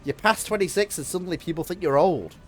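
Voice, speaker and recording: A man's voice: sits high, fast, a little hiss or hum. Man bantering on a game stream. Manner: jokey banter, dry self-mocking asides. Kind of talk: casual gaming stream chat.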